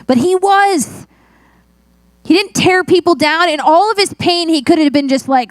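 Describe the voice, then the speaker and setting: A woman's voice: very high-pitched, a little slow, no echo. A middle-aged woman pastor preaching a sermon in a chatty, self-mocking storytelling way.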